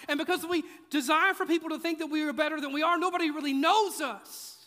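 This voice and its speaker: A man preaching with a high, bright, sharp voice, shifting from playful asides to emphatic, repeated points. His voice rings out into a large church hall with long reverb. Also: fairly even intonation, quick pace. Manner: conversational, joking, emphatic repetition. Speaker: pastor. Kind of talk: sermon. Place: church auditorium.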